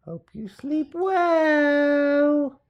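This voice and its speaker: A creepy little ghost girl reads out a sinister note, voiced by a woman. She draws the words out slow and sing-song, pitched up high above a speaking voice, and she sounds a little distant. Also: muffled recording, heavily acted. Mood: eerie.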